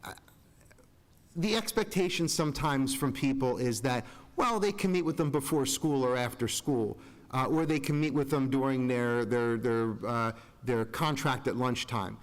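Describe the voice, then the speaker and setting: A man's voice: medium pitch, normal speed. Earnest rambling man in a hall. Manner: rambling, earnest, self-interrupting. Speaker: school board member. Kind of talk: public meeting remarks. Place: large school meeting room. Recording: reverberant hall.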